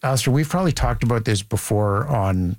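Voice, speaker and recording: A man's voice: mid-range voice, animated, fairly quick, dry recording. A man hosting a call-in radio show, taking callers and reading out the phone number.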